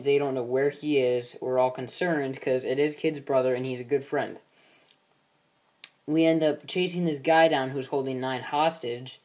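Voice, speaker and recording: A man's voice: medium pitch, darkish tone. A man casually recapping the plot of his own film series, rambling with many fillers and restarts.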